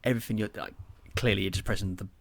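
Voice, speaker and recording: Rambling man, low dry voice. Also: fairly even intonation, very fast, creaky, husky, no echo. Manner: rambling storyteller, filler-heavy, swears casually. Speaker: podcast co-host. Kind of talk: casual chat.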